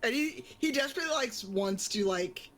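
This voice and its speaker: A woman's voice: a little high, expressive, a little fast, a bit bright. Rambling woman at a tabletop game. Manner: rambling, full of likes and ums. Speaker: player. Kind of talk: casual tabletop play.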